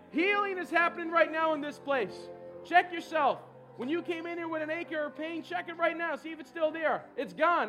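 Very high-voiced fervent male pastor. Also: brisk, soft background music, a faint crowd. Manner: fervent, shouting hallelujahs and bursts of laughter. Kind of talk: charismatic church service, prayer and exhortation. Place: church sanctuary with a congregation.

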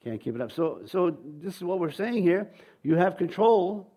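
A man's voice: sits high, big pitch swings, moderate pace, warm tone, slightly rough. Man preaching a faith sermon. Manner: conversational preaching, acts out quoted voices, repeats words. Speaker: pastor.

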